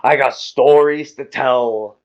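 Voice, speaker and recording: A man's voice: medium pitch, steady tone, pitched above the performer's own voice, close to an everyday voice. A man voicing a jolly but judgmental brass creature with a tuba for a head, drawing out his words. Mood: solemn. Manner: slow drawn-out proclamations. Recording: muffled lo-fi audio.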